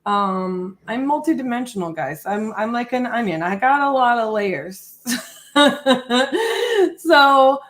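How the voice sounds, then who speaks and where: Originally from Northwest Ohio and raised in Texas from age eleven, this woman speaks with a mixed Midwestern and Southern US accent. A real estate wholesaler, she hosts a livestream and a sales phone call in a friendly, rambling way, often restarting sentences. Her mid-range voice is expressive, at normal speed with barely any pauses.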